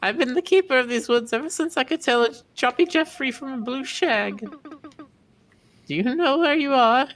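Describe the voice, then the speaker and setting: A woman voicing a kindly old woman who keeps the woods, reading game dialogue in a gentle, folksy way. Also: high-pitched, normal speed, natural voice.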